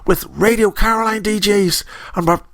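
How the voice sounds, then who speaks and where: A man's voice: sits high, fairly even intonation, normal speed, fairly bright tone, no room sound, pitched above the performer's own voice. A man putting on a mock Dublin accent to play a swaggering pirate-radio man boasting about his signal. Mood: boastful. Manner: swaggering, bragging.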